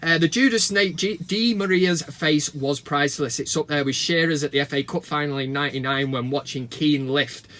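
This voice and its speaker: A man's voice: fairly high pitch, moderate pace, few pauses, a bit bright. A man with a Mancunian accent hosting a football fan vlog, reading viewer comments with sweary, cheeky banter. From Manchester, England. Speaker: football fan channel host. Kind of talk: casual fan reaction vlog. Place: talking into a camera at home. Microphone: camera mic.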